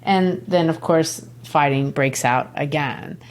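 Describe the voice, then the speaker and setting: A woman's voice: deep voice, slow. Chatty woman teaching literature. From Brazil. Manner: chatty, explains with asides and laughs. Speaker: literature teacher and podcast host. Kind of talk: conversational literature lesson.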